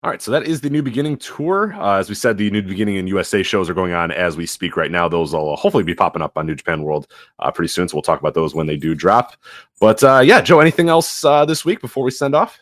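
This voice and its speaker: A lower-voiced man co-hosting a podcast, talking fast with lots of ups and downs in his pitch. He is losing his voice, so it runs thin and worn. The sound is close and dry, with no room around it. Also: dry recording. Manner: animated, laughs often, trailing restarts. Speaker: podcast co-host. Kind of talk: casual podcast chat.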